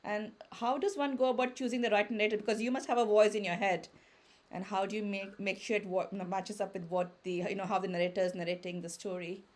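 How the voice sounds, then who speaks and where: A woman hosting a book club podcast, putting questions to her guest at an ordinary middle pitch. She phrases things loosely, restarting and trailing off as she works toward the question. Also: flat delivery, fast. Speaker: podcast host. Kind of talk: interview questions.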